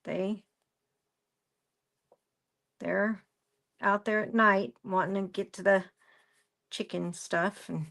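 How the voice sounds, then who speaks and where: A woman's voice: medium pitch, fairly even intonation, takes it slowly, creaky, pauses often, fairly bright tone. A woman presenting a craft live stream, rambling through a story and greeting viewers by name as she works. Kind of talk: casual chat while crafting.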